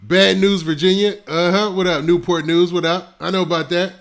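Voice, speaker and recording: Gravelly high-voiced man, casual live stream. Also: steady tone, normal speed. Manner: shouting out viewers' locations one after another; laid-back slang. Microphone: close mic.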